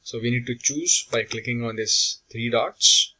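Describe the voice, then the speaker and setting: Male tutorial instructor, unhurried delivery, bright tone. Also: medium pitch, slightly rough, low-quality recording. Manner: slow, step-by-step explaining. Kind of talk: screen-recorded software tutorial.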